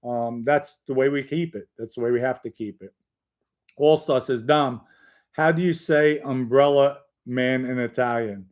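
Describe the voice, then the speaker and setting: A man's voice: medium pitch, measured pace, a little mellow. A middle-aged man hosting a livestream, reading viewer comments aloud, joking with chatters and rambling through stories. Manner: rambling anecdotal storytelling. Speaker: livestream host. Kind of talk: casual livestream chat.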